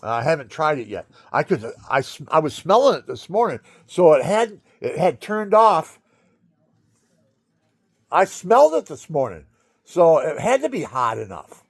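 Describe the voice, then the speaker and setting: A man's voice: fairly high pitch, very animated, unhurried, no echo, studio quality. An older man with a stuffy nose, rambling chattily at home in a casual vlog and showing things as he talks. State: stuffy nose, talking through his nose.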